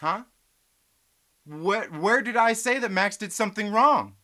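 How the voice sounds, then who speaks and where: Profane bright-voiced man ranting on stream. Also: high-pitched, expressive, a little slow. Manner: profane, laughing, reading chat aloud. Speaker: live stream host. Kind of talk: casual live stream rant.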